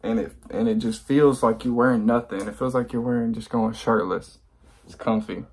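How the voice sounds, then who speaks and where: A man vlogging casually, telling a story in an animated, slangy way and plugging his merch. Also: medium pitch, moderate pace, slightly rough.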